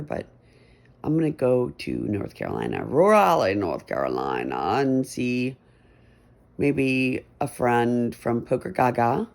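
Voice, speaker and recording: With an extremely low, slightly mellow voice full of vocal fry, a middle-aged woman vlogs from her untidy bedroom at home. She rambles casually, chatty and self-deprecating as she wanders from topic to topic.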